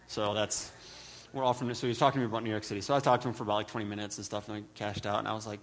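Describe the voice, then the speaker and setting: A man's voice: fairly even intonation, fast talker, a bit bright, slight background noise. Guy preaching a sermon, midwest-raised, jokey stories, lots of i-i-i restarts. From American Midwest. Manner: storytelling, self-deprecating humor, many restarts; mimics others with high put-on voices. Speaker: pastor.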